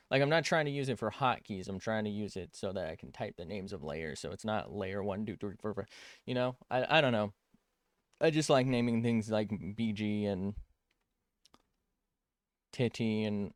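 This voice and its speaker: A man with a lowish voice talks loosely on a drawing stream, drifting between thoughts and breaking off mid-sentence. He swears casually as he works on a tablet. The sound is dry and close, with almost no room around it. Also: normal speed, clean tone, no echo. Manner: rambling, self-interrupting, swears freely. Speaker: art streamer. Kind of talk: casual rambling stream chat.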